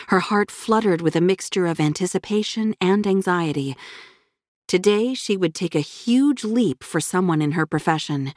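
A woman whose voice sits on the low side narrates a scripted audiobook with even, measured pacing. The recording is dry and sounds studio-grade.

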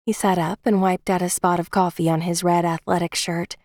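A woman's voice: on the low side, level tone, brisk, a little mellow, no room sound, clean studio sound. A woman reading a romance novel aloud as an audiobook narrator, telling the story expressively. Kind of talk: scripted narration.

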